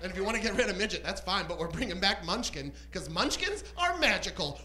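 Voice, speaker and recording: Camp male stand-up, lively swooping pitch, shrieky bursts on a club stage. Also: fast talker, hardly any pauses, crowd noise, poor audio. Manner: camp, animated storytelling with squealing outbursts. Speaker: stand-up comedian. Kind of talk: stand-up comedy set.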